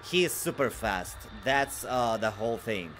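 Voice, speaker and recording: While streaming a horror game, this man talks easily with his audience and reads chat aloud, his energy rising from low muttering to noisy excitement. He speaks at an unhurried pace over slight background noise.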